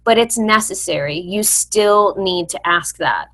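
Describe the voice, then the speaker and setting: Woman host, mid-pitched, casual and frank, filler-heavy, speaks to viewers like friends. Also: expressive, measured pace, bright, forceful tone. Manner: frequent "like" fillers, blunt mild profanity. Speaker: personal finance host. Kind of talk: casual advice talk to camera.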